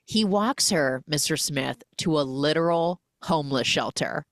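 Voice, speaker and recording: A woman hosting a podcast, chatty and animated as she recaps a film and acts out the characters' lines. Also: sits low, measured pace, no echo, clean studio sound. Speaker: podcast host.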